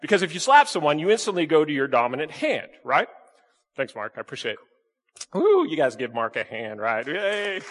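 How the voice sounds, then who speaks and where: A man delivers a sermon in a large church, his pitch rising and falling with animation. He keeps checking in with the congregation through quick questions and jokes. His voice rings with the long reverb of the hall. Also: a little hiss or hum. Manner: lively, questioning the congregation, playful asides. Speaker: pastor.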